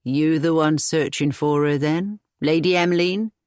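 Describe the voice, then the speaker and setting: Old loyal male cottager, as a narrator puts him on, slow and plain, mid-pitched, audiobook. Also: fairly even intonation, a little mellow, clear, resonant tone, dry recording, studio quality, natural voice. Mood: gruff. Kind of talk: audiobook character voice.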